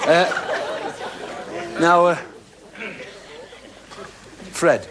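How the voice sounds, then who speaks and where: A man's voice: a little high, very slow, crowd noise, noisy background. A man hosting a television game show, chatting and teasing the contestants in a jokey way. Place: television studio.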